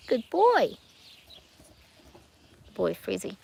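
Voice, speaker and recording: A woman vlogging casually on a farm, gushing excitedly and using baby talk with her animals. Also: high voice, measured pace, a little hiss or hum. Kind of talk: casual vlog, talking to animals and viewers.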